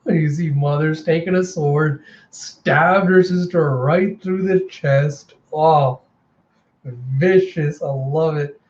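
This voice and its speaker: A man casually narrating a comic readthrough in a relaxed, enthusiastic way. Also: a little high, slow, muffled recording. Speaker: comic reviewer.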